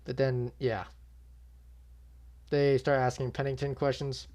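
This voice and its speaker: A man's voice: mid-range voice, level tone, a little slow, darkish tone. A young man with a mid-range voice talks straight to his audience in a loose, unscripted recap. He is blunt and exasperated, and he swears freely. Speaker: MMA channel host. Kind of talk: casual reaction commentary.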